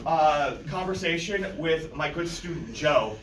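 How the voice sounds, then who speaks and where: A man's voice: on the high side, animated, measured pace. A man playing a professor on a convention panel, giving a playful comedic lecture to an audience and often laughing. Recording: echoey room from far off with loud background noise.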